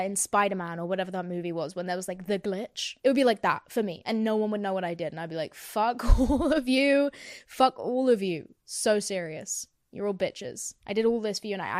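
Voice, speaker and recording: A woman's voice: mid-range voice, no room sound, clean studio sound. A young woman hosting a podcast, rambling through a casual, profane, self-mocking rant. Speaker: podcast host.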